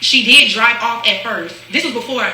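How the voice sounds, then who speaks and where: A woman telling a story casually, animated, laughing often and acting out what others said. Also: fairly high pitch, normal speed. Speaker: storyteller on a reaction video. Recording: echoey room with faint hiss.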